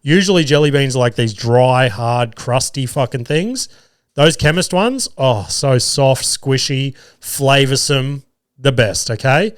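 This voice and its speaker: A man's voice: mid-range voice, lively intonation, measured pace, no echo, studio quality. An Australian man in his thirties hosting a podcast, telling a rambling story in a casual monologue, swearing freely and poking fun at himself. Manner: rambling, swears freely, self-deprecating humour. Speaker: podcast host.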